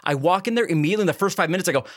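A young man spins a crude, rambling story at a rapid clip, his voice sitting a little high for a man. He peppers it with fillers and swearing and acts out every quote. The sound is dry and close, with no room around it. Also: no room sound. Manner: animated, profane, acts out quotes, many "like" fillers. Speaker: podcast co-host. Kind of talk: casual comedic storytelling.

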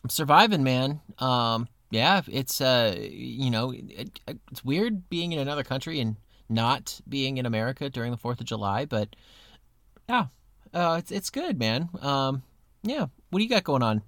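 A man's voice: medium pitch, animated, normal speed, fairly bright tone, dry recording. A man co-hosting a podcast, talking in an easygoing way with hesitant fillers. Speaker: podcast co-host. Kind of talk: casual chat, show intro.

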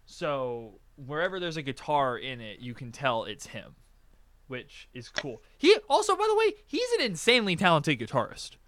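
A man's voice: on the high side, huge pitch swings, moderate pace, a bit bright, no echo. A man chatting casually as a podcast co-host, acting out quotes and swearing as he tells stories. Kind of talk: casual chat.

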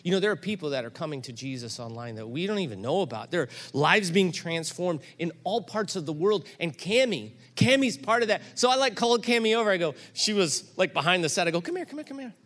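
A middle-aged man pastor preaching a sermon, telling a story that builds to loud, animated peaks. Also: high-pitched, a little fast, hardly any pauses.

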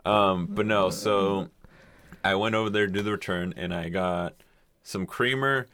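A young man co-hosting a podcast tells a long, rambling story in casual chat, swearing casually and acting out the quotes. His voice is low, a little slow, and a bit bright, with no room sound.

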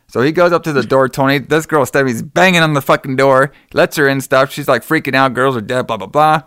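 A man's voice: medium pitch, fast, few pauses, a bit bright, no echo, clean studio sound. Rambling, profane man recapping a movie. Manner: profane, rambling, acts out characters' lines. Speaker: podcast co-host recapping a movie. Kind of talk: casual chat.

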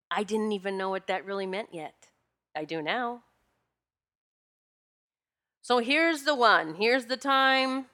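A woman with a bright, forceful voice tells a personal story in a relaxed monologue. She sounds animated and confiding and speaks straight to her listeners. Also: medium pitch. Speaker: spiritual energy practitioner.

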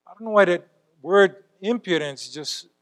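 Lively, high-voiced man preaching. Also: moderate pace. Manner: lively, emphatic, swings between loud exclamations and quiet asides. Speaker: church elder preaching. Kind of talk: sermon.

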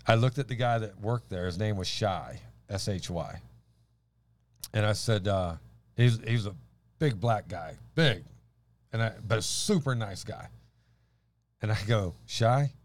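A man's voice: lowish voice, expressive, unhurried, long pauses. A man co-hosting a faith chat, telling a story with lots of laughter and restarts. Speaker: podcast co-host.

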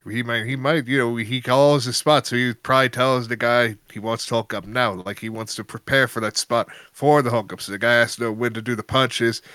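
A man's voice: mid-range voice, fairly even intonation, a little fast, hardly any pauses, pushed and bright, dry recording, studio quality. A man co-hosting a casual wrestling podcast, laid-back and swearing casually. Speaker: podcast co-host.

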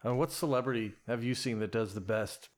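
A male interview host with a mid-range voice keeps the conversation going. He sounds friendly and easy, and he moves between topics in a relaxed, chatty way. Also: medium pitch, a little fast. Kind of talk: casual interview questions.

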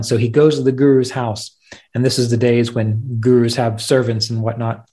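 A man with a mellow, mid-range voice speaks in a level tone at a moderate pace. Hosting a podcast, he teaches meditation in a reflective, conversational way, telling stories with plain fillers in a spoken teaching talk.

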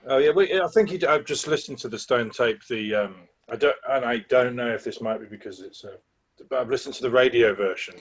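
A man's voice: mid-range voice, brisk, breathy edge. A man co-hosting a casual podcast chat, rambling and repeating words as he thinks aloud. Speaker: podcast co-host. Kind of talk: casual chat about a TV play.

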